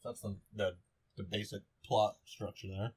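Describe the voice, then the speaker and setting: A young man co-hosting a podcast in casual chat, relaxed and offhand. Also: on the low side, measured pace, breathy edge. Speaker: podcast co-host.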